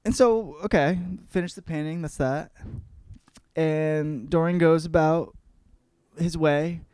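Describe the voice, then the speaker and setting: A man's voice: a little high, slow pace, a little mellow, clean tone, no room sound. Profane rambling man host, dry close sound. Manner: profane, rambling, puts on voices for characters. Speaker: podcast host. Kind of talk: crude comedic book report.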